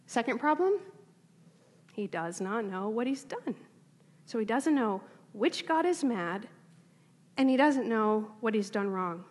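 A woman's voice: on the high side, a little slow, long pauses, slightly rough. Woman lecturing in a reverberant hall. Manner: animated, reads text aloud with emphasis, asks class for confirmation. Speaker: teacher. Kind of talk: classroom lecture with dramatic reading.

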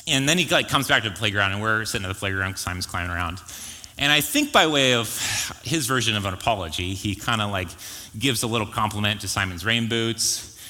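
A man's voice: lowish voice, a little fast, bright, forceful tone. A man in his thirties, a pastor giving a casual, joking sermon full of stories and asides. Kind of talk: conversational sermon storytelling. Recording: reverberant church hall.

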